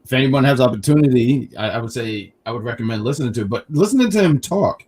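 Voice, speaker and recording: A man co-hosting a casual wrestling review stream, talking in quick restarts and reading chat comments aloud. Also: mid-range voice, expressive, a little mellow, slightly rough. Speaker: wrestling review show co-host.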